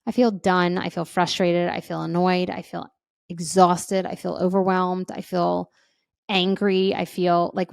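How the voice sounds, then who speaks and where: A woman, a parenting educator, talking casually to parents and checking in often with a quick question. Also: lowish voice, creaky, no room sound, studio quality. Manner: conversational, often checks in with "right?"; acts out feelings and inner voices. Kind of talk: casual advice talk.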